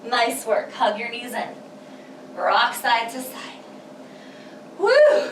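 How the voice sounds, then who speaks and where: Breathy pilates instructor woman, echoey room. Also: fairly high pitch, fairly even intonation, slow pace, pushed and bright, slight background noise. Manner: encouraging, counts breaths and reps aloud. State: slightly out of breath. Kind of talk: guided workout instruction. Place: home workout space. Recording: echoey room, mic at a distance.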